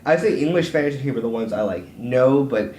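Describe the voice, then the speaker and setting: A man's voice: mid-range voice, expressive, darkish tone. A young man from Las Vegas talks in loose, rambling podcast chat, tripping over his words and restarting often. The room is noticeably echoey, with a faint hiss underneath. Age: young adult. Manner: rambling, quick restarts and stammers. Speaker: podcast co-host. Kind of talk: casual chat.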